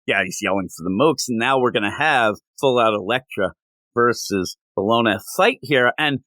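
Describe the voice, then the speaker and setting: A man co-hosting a comic review chat, rambling loosely and circling back as he explains. He restarts his sentences often, in a mid-pitched voice. The recording is dry, with no room sound. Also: moderate pace, dry recording. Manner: rambling, animated, with many restarts.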